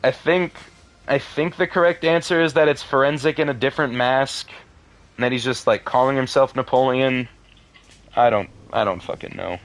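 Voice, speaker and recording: Male video host, mid-range voice, deadpan reader who cuts in with dry, sweary remarks. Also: mid-range voice, moderate pace. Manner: deadpan asides, swears in frustration. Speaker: video creator reading a horror story. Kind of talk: casual reading with commentary.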